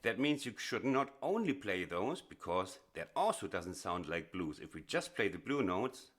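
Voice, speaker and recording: Brief: male piano teacher, lowish voice, chatty and halting, soft piano behind him. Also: big pitch swings. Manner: chatty, with frequent fillers and restarts. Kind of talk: casual instructional explanation. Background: piano playing.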